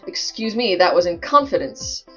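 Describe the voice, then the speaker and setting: A woman voicing a smug, wealthy, aloof high-school boy in a dry, self-assured tone. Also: very animated, normal speed, pushed and bright, lo-fi sound, faint music behind.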